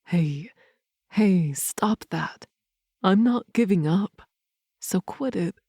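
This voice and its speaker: A woman voicing a protective, blunt young male werewolf in an audiobook, speaking a little lower and in an earnest, steady way. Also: slow pace, slightly rough, dry recording, clean studio sound, full character voice. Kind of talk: audiobook character reading.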